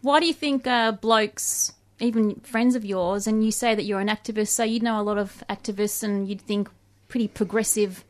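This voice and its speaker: A woman's voice: mid-range voice, steady tone, moderate pace, hardly any pauses. Woman moderator, inquisitive, keeps pushing for specifics. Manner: probing follow-up questions. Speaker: interviewer. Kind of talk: moderating a panel discussion.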